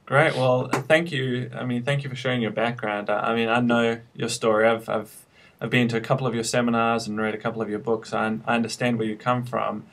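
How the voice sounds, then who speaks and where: A male interviewer speaks in a flat, even tone with a gravelly edge. He sounds appreciative but hesitant and often restarts his phrases. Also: mid-range voice, a little fast. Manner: appreciative, hesitant with repeated starts.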